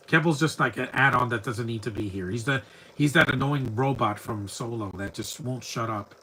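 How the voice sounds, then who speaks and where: A man's voice: medium pitch, normal speed, pushed and bright, slightly rough, rough recording. A man giving live, rambling commentary over a movie, talking back at the screen bluntly and often stumbling over repeated words. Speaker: film commentator.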